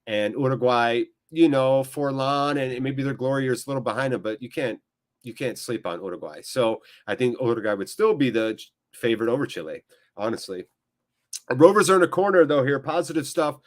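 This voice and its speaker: A man hosting a fan channel's live watchalong, calling the play excitedly and joking and chatting with viewers in between. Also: mid-range voice, fairly quick. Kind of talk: live watchalong match commentary.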